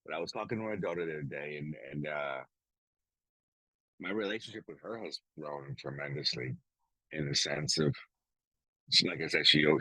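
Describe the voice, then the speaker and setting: This middle-aged podcast co-host has an extremely low voice with a fairly bright tone, heard with no echo but poor audio quality. In casual chat he's blunt, swears a lot, and performs the dialogue of people he quotes.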